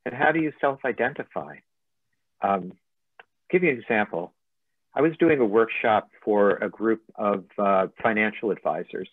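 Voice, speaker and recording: A man's voice: medium pitch, dry recording. Man coaching over a tinny line. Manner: conversational, tells anecdotes with humor. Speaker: motivational coach and speaker. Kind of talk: webinar presentation. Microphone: video call. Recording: thin phone-like line, dry.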